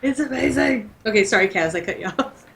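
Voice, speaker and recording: A woman guest on a casual podcast chat, talking loosely with swearing and quiet asides. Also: fairly high pitch, lively intonation, brisk, gravelly.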